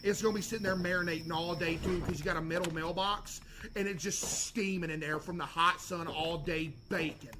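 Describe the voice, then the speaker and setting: A man streaming a game, talking in loud, excitable, jokey bursts and suddenly yelling. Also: on the high side, fairly quick, noisy background. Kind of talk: live gameplay commentary. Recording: game music playing behind.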